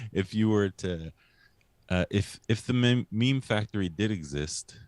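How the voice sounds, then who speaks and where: A man co-hosting a casual chat who asks a question in a hesitant, halting way. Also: fairly low pitch, darkish tone, dry recording. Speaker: co-host.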